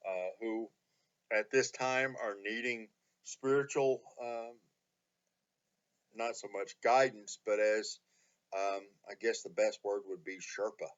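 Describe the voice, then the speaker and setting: A man's voice: on the low side, steady tone. Earnest man teaching scripture, lo-fi. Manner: earnest, unhurried, many "uh" pauses, dramatic scripture reading. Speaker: pastor. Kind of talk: online Bible study teaching.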